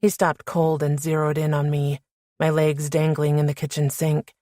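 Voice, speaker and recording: A woman narrating a romance audiobook in the first person, measured and storytelling. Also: deep voice, flat delivery, warm tone, no room sound, clean studio sound.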